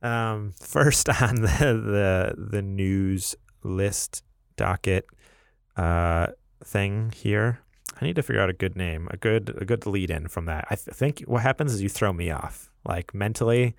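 A man's voice: lowish voice, a little slow, vocal fry, no room sound, clean studio sound. A man co-hosting a casual podcast, rambling and laughing, with many fillers. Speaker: podcast co-host. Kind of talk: casual chat.

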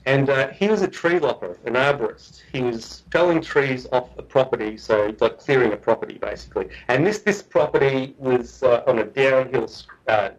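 A man, a guest researcher, telling a story in a chatty, animated way with frequent restarts. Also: mid-range voice, moderate pace, hardly any pauses, muffled recording. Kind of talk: casual storytelling.

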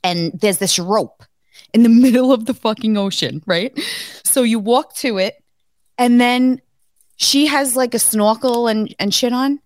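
A woman with a slightly high voice speaks a bit slowly in a dry recording with no room sound. She co-hosts a podcast and tells stories in a casual chat, animated and laughing often while swearing freely.

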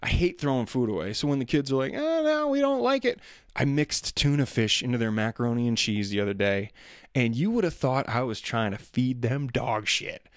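A man's voice: mid-range voice, a little fast, no room sound, studio quality. A man telling rambling, self-deprecating stories about family life in a casual monologue. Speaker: father talking about daily life.

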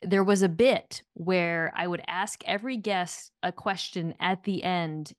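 A woman's voice: lowish voice, fairly even intonation, unhurried, no room sound. A woman guest on a talk podcast, telling stories in a wry, dry way in casual chat.

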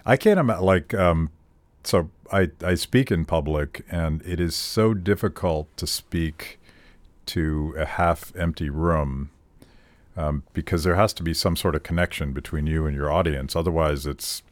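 A man's voice: extremely low pitch, unhurried, no echo. A man hosting a podcast interview, giving brief reactions and thoughtful remarks. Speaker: podcast host.

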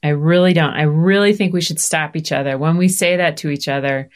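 A woman in her fifties, a podcast guest, talks candidly and animatedly in conversation, acting out the voices of family members. Her voice is low and she speaks a little fast.

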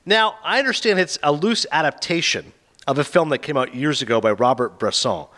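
A podcast host reviewing films chats casually about them, retelling plots in a sarcastic, animated way. He talks quickly, and his pitch swings widely.

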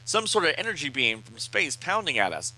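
A man's voice: on the high side, a little fast, poor audio. A man hosting a casual podcast, recapping a comic book and reading its dialogue aloud. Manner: animated, reads out all the dialogue and puts on voices. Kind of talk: casual comic read-along.

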